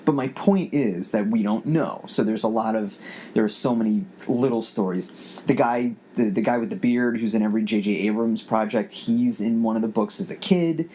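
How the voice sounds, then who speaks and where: A podcast host in his forties rambles casually, restarting many times as he thinks aloud. His voice is fairly low and mellow, at a moderate pace, with faint background noise in the recording.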